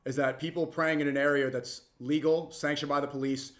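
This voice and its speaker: A young man reacting to a clip with heated, mocking commentary that swings suddenly loud. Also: on the high side, level tone, fairly quick.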